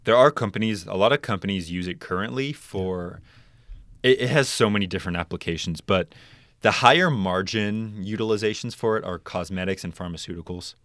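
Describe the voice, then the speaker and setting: Deep-voiced young man explaining chemistry. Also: brisk, fairly bright tone, dry recording, clean studio sound. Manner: explanatory, many ums and likes. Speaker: podcast guest, chemical engineer. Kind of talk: casual interview talk.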